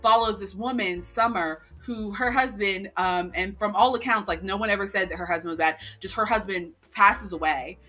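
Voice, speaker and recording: Woman, podcast co-host, casual chat, animated storytelling, bright tone. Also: mid-range voice, moderate pace, few pauses, faint music behind. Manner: animated storytelling, acting out quotes.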